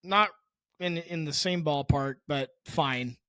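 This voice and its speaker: Male podcast co-host, slightly high voice, loose rambling delivery, dead-dry room. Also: takes it slowly, bright, forceful tone, clear, resonant tone, dry recording. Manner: rambling, restarts and chuckles mid-sentence. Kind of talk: casual movie chat.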